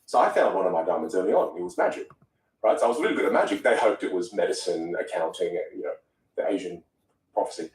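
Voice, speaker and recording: A young man with a lowish voice tells stories in an animated, dramatic way, acting out the people in them. He is a communication coach talking as a guest on a podcast. His voice sounds roomy and a little distant from the mic, with faint noise behind it. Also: fast. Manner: animated, dramatic storyteller who acts out voices. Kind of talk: storytelling in a podcast interview.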